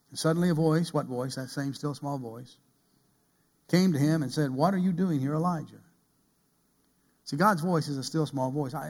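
A man preaching a sermon from a pulpit, rising to loud emphasis and then dropping to a hushed near-whisper. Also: fairly high pitch. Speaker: pastor. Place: church pulpit.

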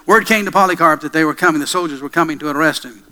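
Male preacher, sermon storyteller, bright crisp tone, dramatic pauses. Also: on the high side, low-quality recording. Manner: dramatic, with hushed pauses and slow emphatic repetition.

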